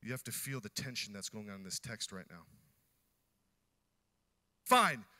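Male pastor, bright and animated, acts out characters mid-sermon. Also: fairly low pitch, fast talker.

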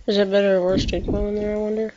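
A woman's voice: mid-range voice, little pitch movement, fast, dull audio, very noisy. A woman playing through a story game, thinking aloud in a chatty, casual way while reading the dialogue. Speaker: let's play gamer. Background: loud game music.

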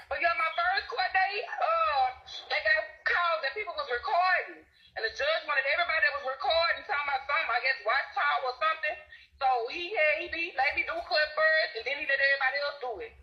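A woman on a phone call over speaker, telling her story fast, with plenty of swearing and laughter. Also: high-pitched. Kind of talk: casual phone call on a live stream.

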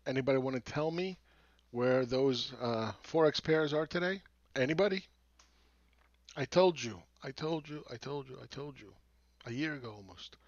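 A man's voice: medium pitch, lively intonation, moderate pace, no room sound. A man hosting market commentary, ranting in a mocking, profane and emphatic way. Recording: dull lo-fi dry sound.

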